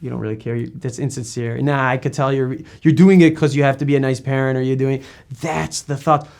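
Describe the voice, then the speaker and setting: A man's voice: mid-range voice, steady tone, a little fast, creaky, a little mellow. A man interviewing a guest in a casual talk, rambling and emphatic with many restarts.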